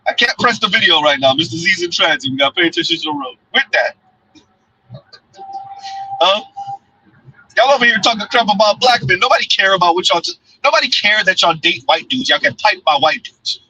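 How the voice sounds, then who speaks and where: A man's voice: high-pitched, big pitch swings, fairly quick, sharp tone, slightly rough, no echo, poor audio. A man hosting a blunt, mocking commentary show while riding in a car, often laughing. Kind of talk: casual live commentary. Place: in a car, in transit.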